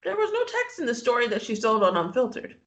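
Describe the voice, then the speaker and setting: Animated, lively-pitched podcast co-host. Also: quick pace, highs cut off. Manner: animated storytelling, acts out quotes, laughs often. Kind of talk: casual recap chat.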